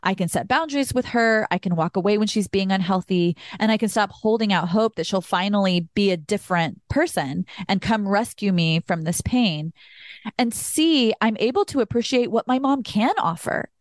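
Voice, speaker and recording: A woman's voice: medium pitch, expressive, normal speed, dry recording, clean studio sound. Candid woman sharing personal healing story. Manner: candid and emotional, says "like" often, sometimes swears. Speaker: podcast host. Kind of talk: personal reflective monologue.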